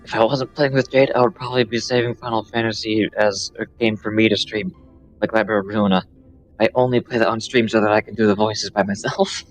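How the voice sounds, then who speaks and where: A man co-streaming a game, chatting in a relaxed, joking way. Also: lowish voice, a little fast, rough recording. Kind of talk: casual chat while gaming. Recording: music behind.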